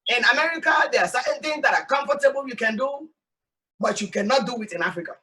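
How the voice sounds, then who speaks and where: A woman from Sierra Leone with a Sierra Leonean accent, hosting an animated, emphatic talk monologue outdoors. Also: high voice, fast talker, far from the mic, low-quality recording. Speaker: host. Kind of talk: casual talk show monologue. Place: outdoors in hot sun.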